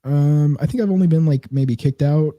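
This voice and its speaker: A man's voice: fairly high pitch, moderate pace, warm tone, no echo, lo-fi sound. A man in casual conversation, laid-back and offhand, swearing casually. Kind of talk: casual chat.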